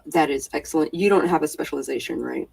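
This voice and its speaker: A woman acting as storyteller for a tabletop role-playing game, talking in a relaxed, hesitant way with many fillers. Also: low voice, fast, creaky, slightly rough, far from the mic.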